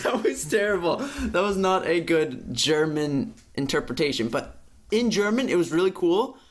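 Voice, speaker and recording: Animated, profane young man ranting on a podcast. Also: moderate pace. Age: young adult. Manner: profane, animated ranting with sudden pitch jumps. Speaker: podcast co-host. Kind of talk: casual chat.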